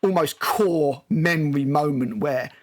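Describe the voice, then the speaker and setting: A man's voice: on the high side, a little slow. A man with a British accent hosting a casual film discussion, recapping scenes at length with many ums and restarts. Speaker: film review host.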